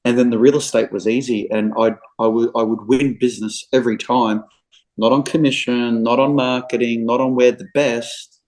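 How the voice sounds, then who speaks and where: A man's voice: medium pitch, steady tone, moderate pace, darkish tone, low-quality recording. A middle-aged man with an Australian accent, a real estate agent telling anecdotes in a casual podcast interview. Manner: chatty, anecdotal storyteller.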